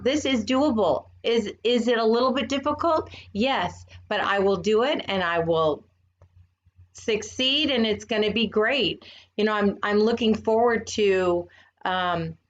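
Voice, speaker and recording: A woman's voice: medium pitch, highs cut off. An older woman co-hosting a podcast, speaking earnestly and with feeling in casual chat. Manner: earnest, emotional. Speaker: podcast co-host.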